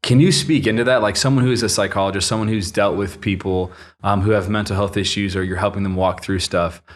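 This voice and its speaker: A young man hosting a podcast, upbeat and quick to laugh. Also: lowish voice, steady tone. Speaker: podcast host. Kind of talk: casual podcast chat.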